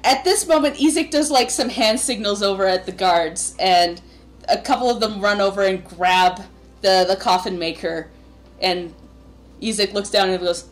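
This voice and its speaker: A woman's voice: mid-range voice, moderate pace. A woman narrating a tabletop game as game master, casual and giggly, with lots of fillers.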